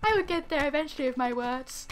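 A woman's voice: high-pitched, fast, soft background music, close to an everyday voice. A woman putting on a prim, posh English lady voice with genteel exclamations, asking for her tea.

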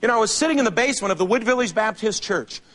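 A man performing a stand-up monologue on a theater stage, telling stories in an animated, sardonic way. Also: high voice, very fast. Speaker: comedian. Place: theater stage before a large audience.

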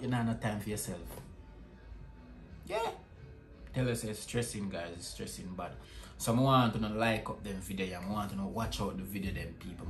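A Jamaican man chatting casually as a family vlogger, talking to viewers at home and often checking in with a repeated "you see me?". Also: on the low side. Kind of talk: casual vlog chat. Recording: echoey room with music behind.

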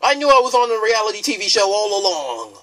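A let's player giving excitable, jokey gameplay commentary. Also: mid-range voice, quick pace.

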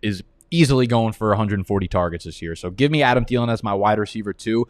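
A man with a lowish voice hosts a live fantasy football draft stream. His talk is casual and rambling, with the odd curse word. The sound is dry and close, with no room around it. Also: fast, no room sound. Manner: casual, rambling, swears freely.

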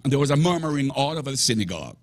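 A man preaching a sermon emphatically, often rising to shouts. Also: mid-range voice, very animated, very fast.

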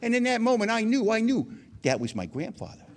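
A man's voice: high-pitched, sing-song, a little fast. A man speaking at a recovery meeting, telling his own story conversationally with frequent asides. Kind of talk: personal testimony talk.

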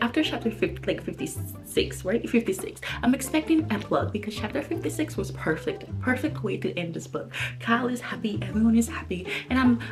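A young woman chatting casually in a reading vlog, gushing about books with lots of fillers, recently under the weather. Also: on the high side. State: recovering from being sick. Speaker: book vlogger.

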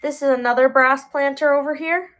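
A woman in her twenties chatting casually on a live sales stream, talkative and quick to laugh at her own slips. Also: high-pitched, steady tone, a bit bright. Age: 20s. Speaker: live online seller. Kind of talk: casual live-sale chat.

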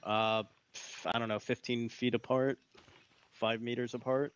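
A man's voice: mid-range voice, level tone, measured pace, clear, resonant tone, muffled recording. A man leading a squad over voice chat in a military shooter, giving short orders with some restarts. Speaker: squad leader. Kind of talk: military game voice comms.

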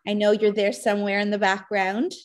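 A woman hosting an interview over a video call, asking measured, curious questions. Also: medium pitch, flat delivery. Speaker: host.

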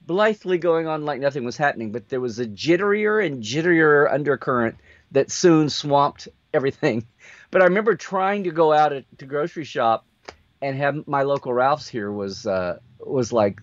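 A man hosting a casual video chat, telling an anecdote in an animated way and acting out the quotes. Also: on the high side, moderate pace, dry recording, dull audio. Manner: animated storyteller, acts out quotes. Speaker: host.

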